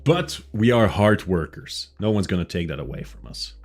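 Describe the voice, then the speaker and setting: A man's voice: low-pitched, expressive, normal speed, faint music behind. A man from Flanders, chatting casually on a livestream in a rambling, self-mocking way. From Flanders, Belgium. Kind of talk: casual chat.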